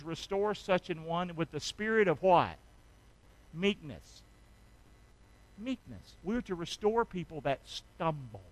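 A man preaching a sermon, swinging from hushed lines to shouted ones with call-and-response. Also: high-pitched, low-quality recording. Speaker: pastor.

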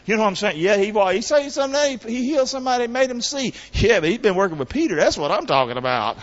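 A man preaching with a very high, animated voice that leaps around in pitch, urging his congregation to answer back. He swings from near-whispers to shouts. The sound is a little dull and rings with the long reverb of a large hall. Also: quick pace. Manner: call-and-response preaching, swinging from hushed to shouting. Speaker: pastor. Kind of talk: sermon.

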